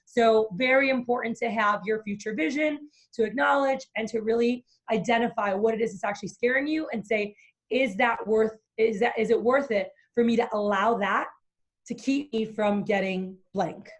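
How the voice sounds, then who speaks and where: Energetic woman coaching entrepreneurs. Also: a little high, normal speed. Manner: animated, acts out inner voices. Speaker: business coach and guest. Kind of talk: energetic interview talk.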